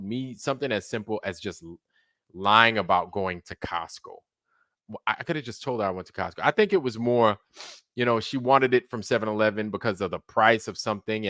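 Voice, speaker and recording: A man's voice: lowish voice, fairly bright tone, dry recording, studio quality. A man hosting a late-night livestream, rambling casually and profanely while answering viewers in the chat. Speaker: livestream host.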